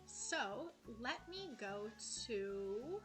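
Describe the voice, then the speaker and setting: A young woman gives a relaxed tour of her cozy game island, cooing affectionately at the characters. Her voice is bright and a little high, and soft game music plays underneath. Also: drawn-out words. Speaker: gaming streamer. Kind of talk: casual game tour vlog. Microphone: headset.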